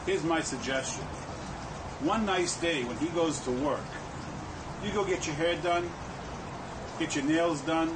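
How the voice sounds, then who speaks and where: A man's voice: fairly high pitch, measured pace, pauses often. A man giving preachy, folksy advice in a monologue clip. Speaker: advice video speaker. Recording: distant mic with clear background noise.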